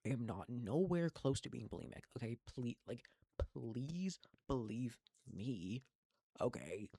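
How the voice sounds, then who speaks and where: A young man of eighteen rambles through a profane, venting monologue, stumbling over restarts. His low, gravelly voice has a husky edge and sits in a dry, close sound. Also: very animated, fairly quick, warm tone, dry recording. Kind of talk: casual venting monologue to camera.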